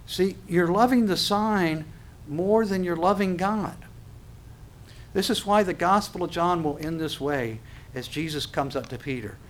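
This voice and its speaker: A man preaching a sermon on scripture, animated, acting out little dialogues and often laughing. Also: high voice, a little slow.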